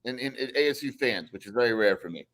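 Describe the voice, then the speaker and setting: A man's voice: medium pitch, animated, quick pace, fairly bright tone, poor audio. A man co-hosting a live sports talk show, blunt and matter-of-fact.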